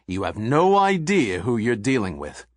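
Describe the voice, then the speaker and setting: A man voicing an angry, blustering rich man who snarls threats and insults in a low, gruff voice. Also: very animated, normal speed, no echo, studio quality, natural voice.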